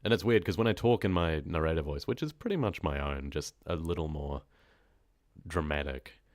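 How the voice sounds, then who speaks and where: A man with a very low voice chats casually into a close microphone, his nose stuffed up from a cold. He rambles, teases himself and laughs often. The sound is dry, with no room around it. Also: moderate pace, no echo. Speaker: horror story narrator streaming live. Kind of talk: casual live-stream chat, reading comments.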